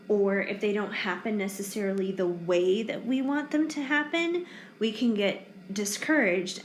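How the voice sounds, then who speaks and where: Yawning and worn out late in the day, this tarot reader offers a relaxed pick-a-card reading in a mid-range voice. She keeps it chatty and comforting with plenty of fillers, while the echoey room carries faint ambience and a little background noise.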